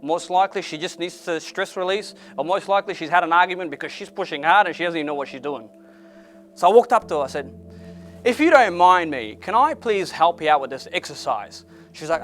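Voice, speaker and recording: Brief: high-pitched male speaker, English, blunt and animated, faint music underneath. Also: fairly quick. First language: not English. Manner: animated, swings loud and excited to low and quiet; blunt with occasional swearing. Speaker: motivational speaker. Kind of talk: motivational storytelling talk.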